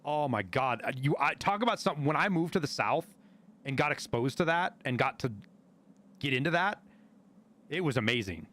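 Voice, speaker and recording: A man from Montana, a streamer telling stories in casual chat, animated and full of swearing. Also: a little high, moderate pace. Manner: profane, animated storyteller.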